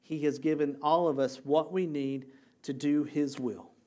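A male pastor preaching a sermon, energetic and repeating key phrases for emphasis. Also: a little high, measured pace.

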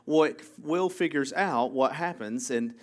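A male pastor with a slightly higher than usual voice, talking through his sermon in a loose, chatty way. He breaks off for jokey asides and keeps checking in with the room by asking "right?". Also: measured pace. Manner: self-interrupting, jokey asides. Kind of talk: casual conversational sermon.

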